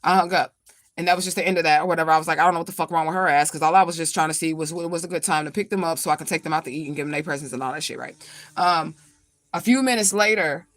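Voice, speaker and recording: A woman's voice: deep voice, very fast, fairly bright tone, no echo. A woman from St. Louis, a spiritual reader telling a story in a casual livestream, blunt, profane and rambling. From St. Louis, USA.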